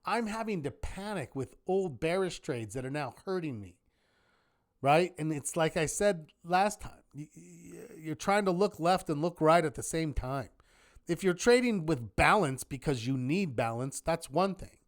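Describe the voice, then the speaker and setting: Lively man teaching a trading class. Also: on the high side, measured pace. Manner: lively, uses rhetorical questions. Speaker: trading instructor. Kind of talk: live online class.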